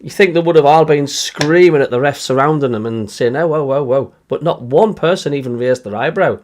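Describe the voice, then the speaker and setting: A man's voice: a little high, a little fast, a little mellow. A man with a Sunderland accent hosting a casual football chat show, reading out live chat messages with plenty of fillers. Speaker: podcast host reading listener messages.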